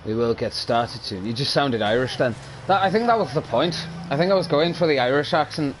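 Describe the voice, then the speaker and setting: A man's voice: medium pitch, expressive, brisk, background noise. A British man co-hosting a casual gaming podcast, swearing and laughing as he plays and chats. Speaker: podcast co-host.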